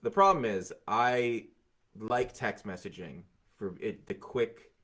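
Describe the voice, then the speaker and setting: Quick-riffing male comedian guest. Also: lowish voice, fairly bright tone. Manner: quick riffing with acted-out quotes. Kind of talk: casual comedic chat.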